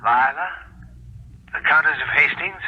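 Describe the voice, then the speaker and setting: A brisk, gallant gentleman who reassures and takes charge with courteous energy. His voice is mid-pitched and a little husky. The sound is thin and tinny, like an old radio broadcast. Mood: reassuring. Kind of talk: 1970s radio drama acting.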